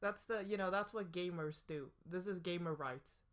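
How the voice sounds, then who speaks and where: A woman's voice: lowish voice, normal speed. A young woman co-hosting a podcast in casual chat, playful and joking. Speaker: podcast co-host.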